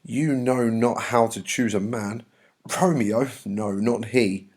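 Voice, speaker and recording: A man's voice: medium pitch, fairly even intonation, takes it slowly, darkish tone, close to an everyday voice. A man reading the lines of a weary older woman servant, complaining and drawn out. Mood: grumbling.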